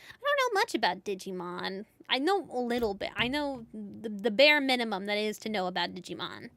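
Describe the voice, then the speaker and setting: A woman streaming a video game, chatting in a casual, rambling way with quick asides. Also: on the high side, big pitch swings, fairly bright tone, no echo.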